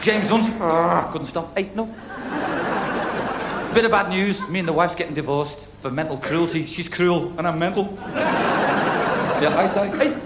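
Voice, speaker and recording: High-voiced Liverpudlian stand-up comedian. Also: male voice, expressive, a loud crowd, very noisy. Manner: quick-fire one-liners, chirpy asides to the audience. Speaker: stand-up comedian on a talent show. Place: TV studio stage before a live audience. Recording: echoey 1980s TV studio, loud audience.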